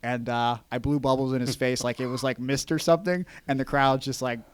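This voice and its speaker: Male podcast host; animated, profane storyteller; dry, close recording. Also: medium pitch, a little fast, smooth, no echo. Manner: animated, excitable, swears freely. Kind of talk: casual storytelling.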